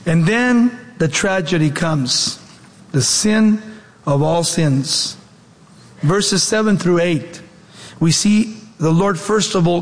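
A man's voice: fairly high pitch, big-room sound. A male pastor preaching a sermon, emphatic and fond of rhetorical questions.

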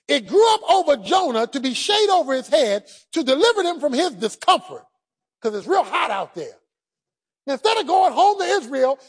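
Give me a man preaching a lively sermon, folksy and humorous, with a very high, animated voice. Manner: emphatic, humorous, shouted emphasis; folksy colloquial speech.

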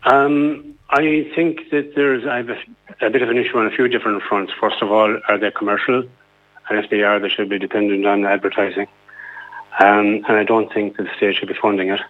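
A man's voice: fairly low pitch, little pitch movement, brisk. A man with an Irish accent calling into a radio show, earnest and hesitant, with many fillers. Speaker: caller. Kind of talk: phone-in call. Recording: tinny phone line.

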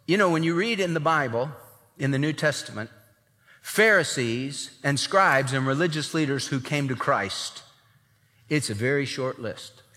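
Animated preacher man in a reverberant hall. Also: mid-range voice, normal speed. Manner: animated preaching, acts out quoted voices. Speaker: pastor. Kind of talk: sermon.

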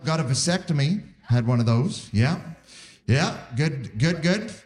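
A man in his forties from Canada performs stand-up with a lively, swooping delivery. His voice sits a little high, and he keeps slipping into the people he quotes. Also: a little slow, crowd noise. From Saskatoon, Canada. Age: 40s. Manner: animated, acting out quoted voices. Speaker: stand-up comedian. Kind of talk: live stand-up set.

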